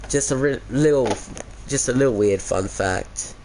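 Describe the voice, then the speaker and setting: A man's voice: mid-range voice, normal speed, a little mellow, slight background noise. An Australian man chatting casually with viewers on a game stream through a headset mic, laid-back and chuckly, calling everyone mate.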